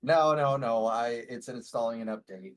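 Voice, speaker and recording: A man's voice: mid-range voice, moderate pace. A man playing in a tabletop game, chatting casually and getting flustered over his tech. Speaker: player. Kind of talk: casual chat.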